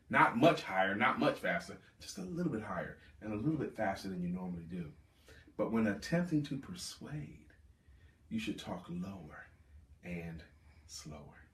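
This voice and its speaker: A man coaching a live audience on sales, speaking with emphatic, drawn-out stress on key words. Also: on the low side. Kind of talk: live sales workshop talk. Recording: roomy, distant mic.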